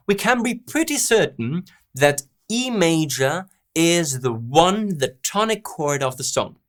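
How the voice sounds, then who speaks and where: A man hosting a songwriting lesson, walking through a song's lyrics and chords and sounding out rhythms and stresses. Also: on the high side. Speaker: host and songwriting teacher. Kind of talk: song analysis lesson.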